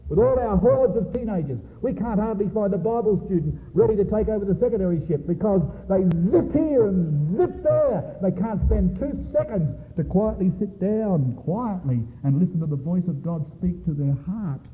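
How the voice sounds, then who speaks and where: A man with a high-pitched voice delivers a sermon, pressing each point and repeating it for emphasis. He keeps turning to address the congregation directly. The sound is thin and tinny, like a phone line, with a long reverb from a large hall. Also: expressive, moderate pace, hardly any pauses. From Australia. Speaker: preacher.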